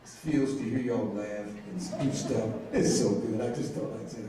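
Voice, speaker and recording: A man's voice: mid-range voice, crowd noise. A middle-aged man, from Mississippi, telling a humorous personal testimony to a congregation as an intern minister. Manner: humorous storytelling, drawn-out phrasing. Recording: echoey hall from far off.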